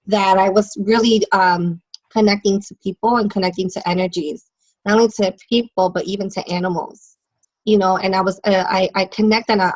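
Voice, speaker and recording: A woman's voice: mid-range voice, dull audio. A woman guest talking as a psychic medium in a casual interview, telling stories animatedly and laughing often.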